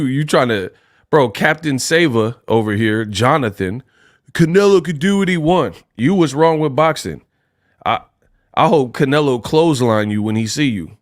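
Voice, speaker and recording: A man's voice: medium pitch, dry recording, clean studio sound. A young man hosting a casual boxing livestream, joking around and laughing often. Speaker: livestream host.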